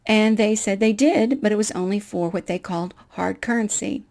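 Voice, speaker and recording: A middle-aged woman telling a personal faith story in an animated, self-deprecating way, acting out the dialogue. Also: medium pitch, normal speed, gravelly. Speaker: speaker.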